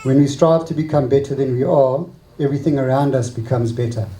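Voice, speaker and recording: A middle-aged man, the bride's father, giving a wedding speech with a joke and a short poem, in a relaxed storytelling way. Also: mid-range voice, brisk, roomy sound, low-quality recording. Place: wedding reception hall.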